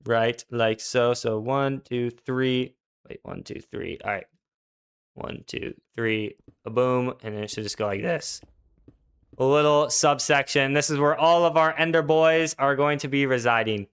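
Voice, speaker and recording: A man's voice: medium pitch, a little slow, fairly bright tone, clean tone. A young man streaming a video game, chatting casually in a laid-back, slangy way and answering his chat as he plays. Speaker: gaming streamer. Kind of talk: casual live-stream commentary.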